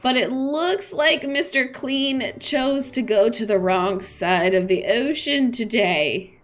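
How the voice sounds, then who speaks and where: A woman's voice: a little high, animated, takes it slowly. A woman streamer chatting playfully through casual gameplay commentary. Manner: chatty, playful, with laughs and fillers.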